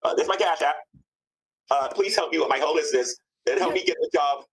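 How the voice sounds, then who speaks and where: A man's voice: fairly high pitch, fast talker, fairly bright tone, slightly rough, poor audio. A man putting on an Indian accent to play a mock homeless man begging for donations. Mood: pleading. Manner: exaggerated pleading.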